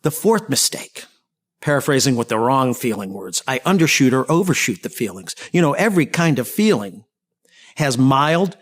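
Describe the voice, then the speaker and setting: A man giving a training talk on listening, anecdotal and humorous with lively asides. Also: on the high side. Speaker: communication trainer.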